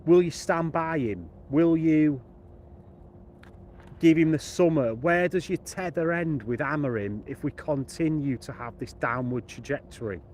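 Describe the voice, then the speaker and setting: A young Midlands man talks football in a laid-back, chatty live-stream voice while out walking his dog. His voice sits a touch high, with faint outdoor ambience and passing traffic behind him. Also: unhurried, darkish tone. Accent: English Midlands. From England. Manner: chatty, laid-back, thanks viewers by name. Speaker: football channel vlogger. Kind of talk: casual live-stream chat.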